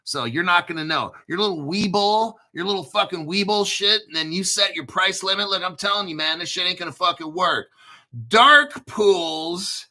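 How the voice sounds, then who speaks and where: A man's voice: sits high, brisk, few pauses, pushed and bright. A man in his fifties hosting a crypto channel, ranting in a crude, foul-mouthed livestream style. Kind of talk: profane livestream rant.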